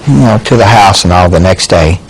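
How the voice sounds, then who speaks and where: A man's voice: low-pitched, fairly quick, slight background noise, low-quality recording. A man who is a relative, giving a documentary interview and recalling events hesitantly. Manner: hesitant, repeats "I said".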